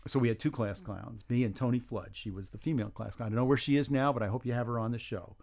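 An older man in his seventies, from New York, chats as a guest on a talk show. He tells long stories, full of restarts and dry jokes at his own expense, in a steady mid-pitched voice. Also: fast talker, gravelly. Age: 70s. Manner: rambling, wry, self-deprecating, with restarts and chuckles. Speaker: guest, humor writer. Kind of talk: casual interview chat.

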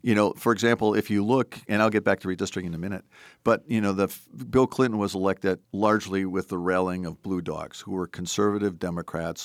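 A middle-aged man speaks in a very low voice with a gravelly edge. He sounds earnest and discursive as he tells stories in an interview. The recording is dry and close, with no room echo. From Wisconsin. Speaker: podcast host and former politician. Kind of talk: conversational interview.

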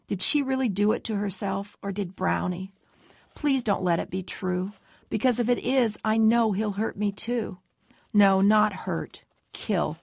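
A woman's voice: mid-range voice, creaky, slightly rough, no room sound, clean studio sound. A woman giving tense, anxious first-person story narration as an audiobook narrator.

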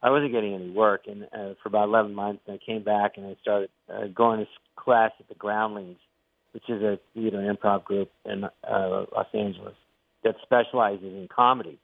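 An older man, a comedian being interviewed, telling stories in an animated way and acting out the voices he quotes. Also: fairly low pitch, a little fast, creaky, dry recording. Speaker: guest comedian. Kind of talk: interview storytelling. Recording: tinny phone-like line, dry.

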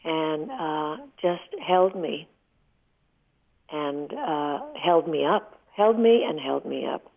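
A woman in her eighties tells a heartfelt story as a radio guest. Her voice is low and gravelly, and she speaks with vivid feeling. The sound is thin and tinny, like a phone line. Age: 80s. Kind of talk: emotional storytelling in a radio interview.

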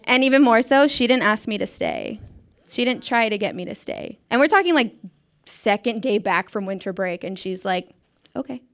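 A woman's voice: mid-range voice, animated, normal speed, a bit bright. A young woman, a former schoolteacher, casually telling a story in a chatty, self-mocking way and acting out the voices of the people in it. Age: young adult. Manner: chatty, self-mocking, acts out quotes, laughs often.

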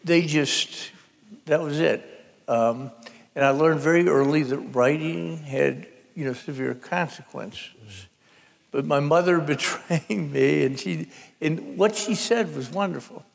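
An older man, a novelist, telling stories from his family life in a slow, wry, self-deprecating way during a live public conversation. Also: on the high side, gravelly. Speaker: novelist guest. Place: live event before an audience. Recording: hall reverb from a live event.

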